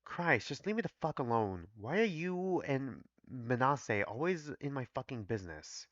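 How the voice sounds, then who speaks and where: A man reading as a hostile, despairing young doctor who swears at everyone and keeps lashing out. The voice is bright and forceful, on a dull, dry home mic recording. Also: mid-range voice, big pitch swings, moderate pace, dry recording. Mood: irritated. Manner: cursing, bitter, hostile. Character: furious, despairing young staff doctor in a text chat. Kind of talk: reading a visual novel aloud.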